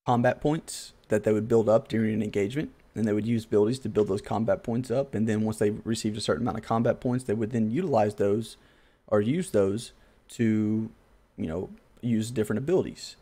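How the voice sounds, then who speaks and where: A man's voice: lowish voice, warm tone. A man hosting a casual gaming podcast, thinking aloud in a loose, rambling, self-deprecating way. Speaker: podcast host.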